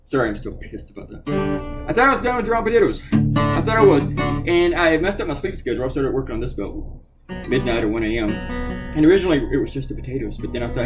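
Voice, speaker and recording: A man's voice: mid-range voice, fast, over music, rough recording. A middle-aged man, a cartoonist, ranting angrily and profanely while drawing on a live stream. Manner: angry, profane, animated.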